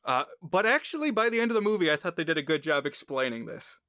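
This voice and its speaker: A man's voice: a little high, sing-song, fast, pushed and bright, no echo, clean studio sound. A man chatting casually on a film podcast, explaining plot points in a rambling way with lots of fillers. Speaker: podcast co-host.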